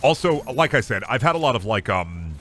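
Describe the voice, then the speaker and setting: Rambling, bright-voiced male streamer. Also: mid-range voice, very animated, brisk, faint music behind. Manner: rambling, self-deprecating and silly. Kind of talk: casual chat while gaming.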